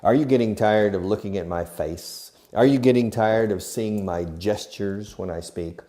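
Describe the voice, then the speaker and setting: A middle-aged man with a lowish, dark voice teaches an English lesson to a camera at a normal pace, playfully asking himself questions and answering them. The setting is a classroom filmed for video, with the camera run by an assistant.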